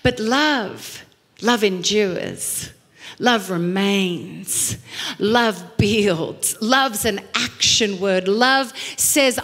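A middle-aged woman pastor preaching a sermon, telling stories with lively acted quotes and emphatic repetition. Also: medium pitch, drawn-out words. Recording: long hall reverb.

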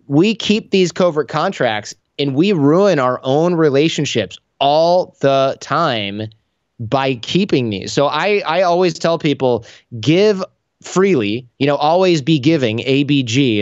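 Male podcast guest, lively storyteller, dry close sound, slightly lo-fi. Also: medium pitch, moderate pace, no room sound. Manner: animated storyteller acting out dialogue. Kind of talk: conversational interview.

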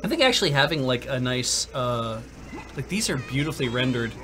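A man co-hosting a game stream, chatting casually and rambling with lots of halting fillers. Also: medium pitch, sing-song, a bit bright. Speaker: stream co-host. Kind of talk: casual gameplay chat.

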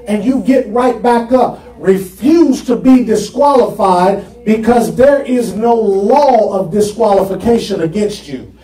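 A pastor's sermon, delivered in call-and-response fashion. His voice is high and mellow, and he speaks at an unhurried pace. He is picked up from across an echoing sanctuary. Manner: call-and-response preaching, asks the congregation questions. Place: church sanctuary. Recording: echoey church from far off.

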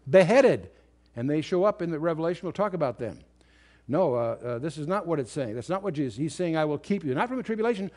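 Male Bible teacher, slightly high voice, emphatic lecture delivery. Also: a little mellow. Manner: explanatory, emphatic on key words, some restarts. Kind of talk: lecture-style Bible study.

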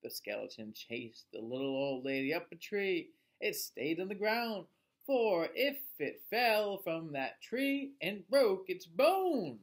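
A male teacher reading a picture book aloud to children in an expressive voice, asking them questions along the way. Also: high-pitched, slow pace. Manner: expressive, asks listeners questions.

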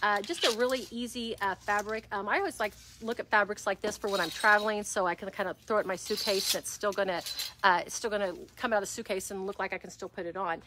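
A woman hosting a live resale-shop sale, describing clothes and prices in chatty, upbeat patter with plenty of fillers, speaking loudly without her own mic in a shop. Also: mid-range voice, fast, noisy background. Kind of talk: live shopping stream chat. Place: shop interior. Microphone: no microphone, speaking loudly.

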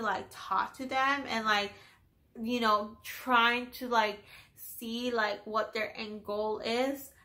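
Her pitch sits fairly high and her tone is sharp. She's a vlogger in her twenties sharing something personal on a laid-back vlog, swearing freely, speaking openly, and leaning hard on "like."

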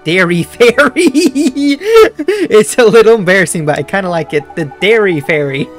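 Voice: mid-range voice, brisk, soft background music, voice pushed down, lightly acted. A gamer voicing a cheerful, eager young shop girl in a raised voice.

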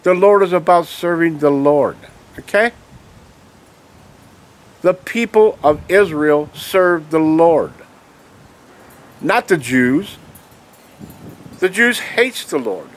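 A man's voice: fairly high pitch, animated, slow pace, long pauses. Angry ranting man, raised voice. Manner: heated and emphatic, keeps asking "okay?". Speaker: vlogger. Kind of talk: angry ranting monologue to camera.

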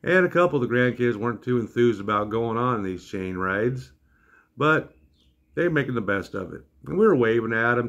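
A man's voice: medium pitch, fairly bright tone. Wry older grandfather telling a story. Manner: wry and exasperated. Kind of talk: comic storytime.

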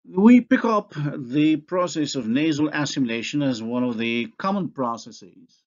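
A man giving a recorded university phonology lecture, speaking deliberately and pausing to pronounce example words. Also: on the high side, animated, a little mellow, highs cut off.

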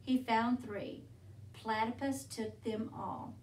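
Woman storyteller, picture-book read-aloud, slow and gentle, mic set back in a roomy space. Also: a little high. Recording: roomy, from a distance.

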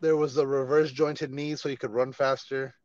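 A man hosting a casual podcast chat, laid-back and quick to laugh and swear. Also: mid-range voice, flat delivery, a little mellow, dry recording, lo-fi sound. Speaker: podcast host.

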